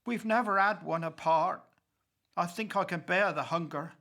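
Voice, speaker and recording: A man's voice: high voice, moderate pace, sharp tone. A man voicing a frail, starving old wife in a verse recitation, faint and pleading. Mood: tender.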